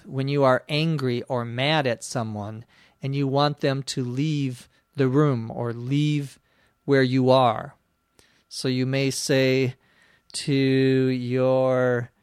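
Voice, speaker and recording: A man teaching English, answering listener questions slowly and carefully, with frequent pauses and spelling out words. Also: mid-range voice, smooth, dry recording, studio quality. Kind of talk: slow explanatory podcast lesson.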